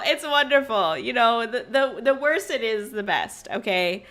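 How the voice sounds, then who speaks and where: A young woman hosting a casual livestream, bubbly and chaotic, greeting her chat loudly and laughing often. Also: fairly high pitch, lively intonation, a little slow, hardly any pauses, faint music behind. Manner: frequent laughter. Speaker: streamer host.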